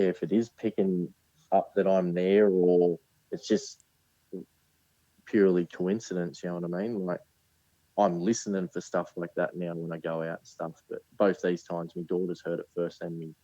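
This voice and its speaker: A man's voice: deep voice, steady tone, moderate pace, warm tone, no room sound, highs cut off. An Australian man, a podcast guest, telling a rambling story in a casual way and full of "like" fillers.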